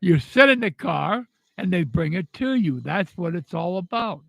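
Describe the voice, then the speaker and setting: A man's voice: high-pitched, lively intonation, normal speed, vocal fry, dry recording, low-quality recording. An older man telling a personal story in a casual, angry and blunt way, swearing freely. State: upset. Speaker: vlogger telling personal stories.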